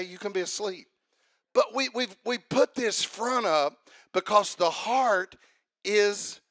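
A man preaching a sermon in a conversational way, often asking the congregation questions, and growing louder and more emphatic as he goes. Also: high-pitched, no echo, studio quality. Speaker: pastor.

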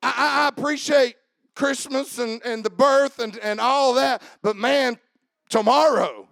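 A pastor preaching with a high, gravelly voice. He swings from loose asides to loud, shouted refrains. The sound is close and dry. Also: measured pace, dry recording. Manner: builds to shouted, preaching climaxes. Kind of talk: sermon.

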